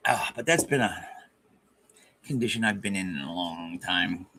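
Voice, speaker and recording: A man's voice: low voice, normal speed, pushed and bright. A man hosting a casual livestream, rambling and joking at his own expense with frequent stammered restarts. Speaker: livestream host.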